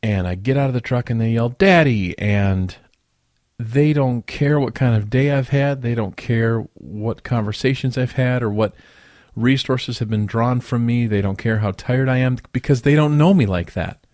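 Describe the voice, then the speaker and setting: A man's voice: medium pitch, normal speed, a little mellow, no echo, studio quality. A man in his thirties preaching a conversational, reflective devotional as a pastor, with folksy asides. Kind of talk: relaxed devotional sermon.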